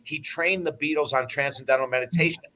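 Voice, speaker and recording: A man in his sixties, a life coach and broadcaster appearing as an interview guest, tells stories bluntly and emphatically, sometimes swearing as he animatedly relates anecdotes. His voice is a little high and fast.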